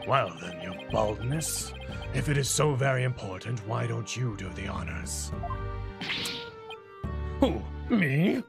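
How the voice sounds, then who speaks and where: A man's voice: mid-range voice, sing-song, takes it slowly, vocal fry, pauses often, over music, heavily acted. A man doing a haughty, scornful prosecutor. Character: pompous arrogant male prosecutor.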